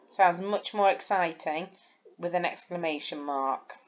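A woman's voice: fairly low pitch, measured pace, lo-fi sound. A woman, a primary school teacher giving a recorded lesson and explaining patiently, step by step, to young children. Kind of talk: recorded lesson over slides.

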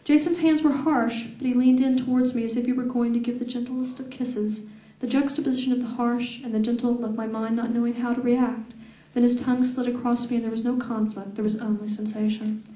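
A woman reading her own novel aloud at a fan event, with slow, deliberate, sensual delivery. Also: fairly high pitch, flat delivery, mellow, distant mic. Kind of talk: public reading of fiction. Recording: echoey room heard from afar.

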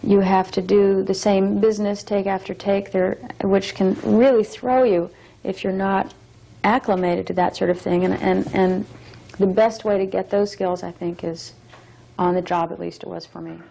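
A young adult actress speaking as an interview guest, thoughtful and measured, reflecting on her work. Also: mid-range voice, steady tone, vocal fry, dark tone, rough recording.

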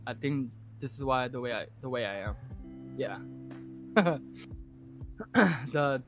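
A man's voice: mid-range voice, slow, faint music behind. A man being interviewed as a podcast guest, telling a casual story full of swearing and restarts. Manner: rambling, heavy swearing, animated retelling.

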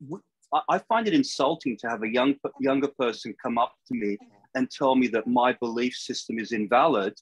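An older man hosting an interview over a video call, speaking in a measured, thoughtful way. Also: medium pitch, husky, poor audio. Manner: measured, thoughtful, with small restarts. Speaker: podcast host.

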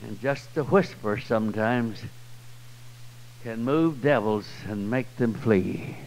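A man with a Southern US accent preaching a sermon, swinging from loud, high cries to low, quiet passages. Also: takes it slowly, a little hiss or hum, poor audio. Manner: swells loud and high then drops low and soft. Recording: old 1990s church tape.

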